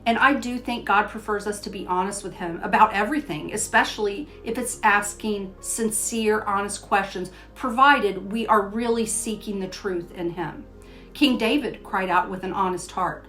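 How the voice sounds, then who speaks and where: Over faint, soft background music, an older woman hosting a Christian devotional program shares a personal family story at normal speed. Her pitch is ordinary and mid-range, and she alternates between relaxed storytelling and scripture readings in a teaching style.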